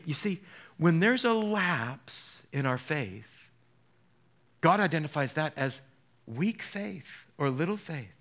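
A male pastor preaching to his congregation in a voice pitched a little high. He moves from hushed, slow lines to sudden loud bursts. He acts out the people in the stories as he tells them. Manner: dramatic, quick shifts between soft and loud, voices the figures he quotes. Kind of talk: sermon.

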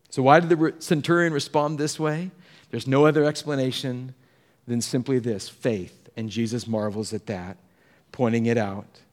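A middle-aged man, a pastor, preaching a sermon and telling Bible stories with lively acted-out voices of the people in them. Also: medium pitch. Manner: animated storytelling, acting out voices of the people in the story.

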